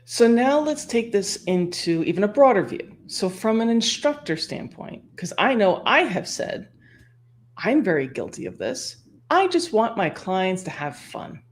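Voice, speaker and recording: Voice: mid-range voice, big pitch swings, a little slow. A host of a livestream chat, asking long, winding questions in a casual way.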